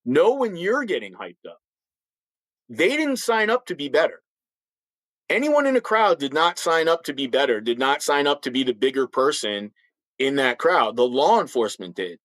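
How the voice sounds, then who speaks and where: A middle-aged man and former police officer, a podcast guest, speaking bluntly and forcefully with frequent restarts. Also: fairly high pitch, very animated, normal speed, no room sound, low-quality recording. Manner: acts out others' voices in stories. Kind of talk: podcast interview talk.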